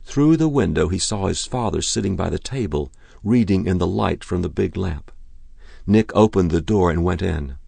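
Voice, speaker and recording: A man narrating a short story in a measured, deliberate reading. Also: sits low, lively intonation, gravelly, warm tone, slightly rough, no echo.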